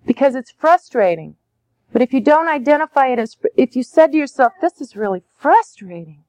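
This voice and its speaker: Brief: woman, slightly high voice, dry close sound, parenting educator who acts out gentle lines to kids. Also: lively intonation, brisk, no room sound. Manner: acts out soothing phrases to children. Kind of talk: conversational teaching.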